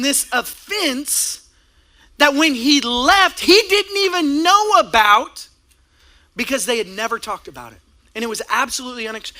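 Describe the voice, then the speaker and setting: Animated bright-voiced man preaching. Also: extremely high pitch. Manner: animated, acts out both sides of a couple's quarrel, laughs along. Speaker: pastor. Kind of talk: sermon with acted-out stories.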